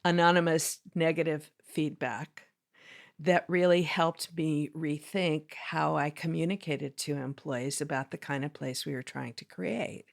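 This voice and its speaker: A woman's voice: low-pitched, unhurried, vocal fry. A woman co-hosting a podcast in casual conversation, telling stories with lots of animation and acting out the people she quotes. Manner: animated storyteller, acts out quoted dialogue. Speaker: podcast co-host.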